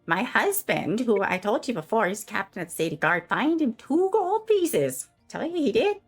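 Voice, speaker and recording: A woman's voice: on the high side, very animated, moderate pace, soft background music, voice pushed up. A woman voicing an entitled, gossiping middle-aged Midwestern woman in a tabletop role-play, with a Midwestern accent and a chirpy, prim, chattering manner. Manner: rambling gossip with folksy exclamations.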